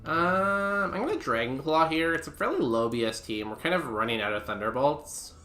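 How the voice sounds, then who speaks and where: Young male streamer, rambling casual commentary, bright tone, roomy sound with music under it. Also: fairly high pitch, lively intonation, normal speed. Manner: rambling, filler-heavy chat with viewers.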